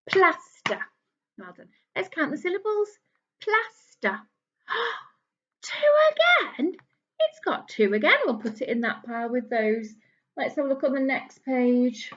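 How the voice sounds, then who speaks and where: A woman teaching a phonics lesson to young children, speaking gently and encouragingly as she claps out syllables. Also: on the high side, lo-fi sound.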